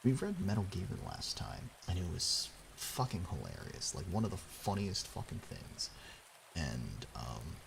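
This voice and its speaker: Irreverent male streamer, low gravelly voice, lively, casual and profane. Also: measured pace, slight background noise. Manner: laughing, swearing, irreverent. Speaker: streamer reading a book aloud.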